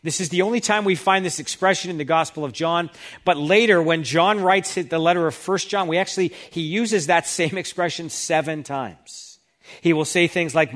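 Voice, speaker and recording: A male pastor with a slightly higher-than-average, somewhat bright voice preaches at a moderate pace. He reads scripture aloud with emphasis, then explains the passages to his listeners.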